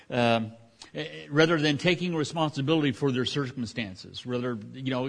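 A man's voice: medium pitch, brisk, a bit bright. A middle-aged man as pastor preaching a sermon, talking conversationally with frequent restarts and asides.

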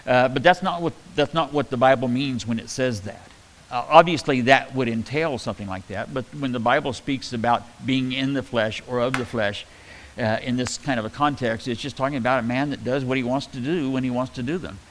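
A male pastor teaches a Bible passage in a relaxed, conversational sermon. He often stops, repeats himself and fills pauses, and his voice sits at an ordinary middle pitch. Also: a little hiss or hum, rough recording. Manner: conversational, halting, many fillers and restarts.

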